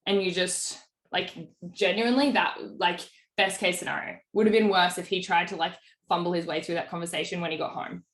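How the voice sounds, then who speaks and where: A woman's voice: on the low side, fairly even intonation, brisk, echoey room. A woman business coach talking through a sales call in a casual, chatty way, full of fillers. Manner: chatty, filler-heavy, acts out client quotes.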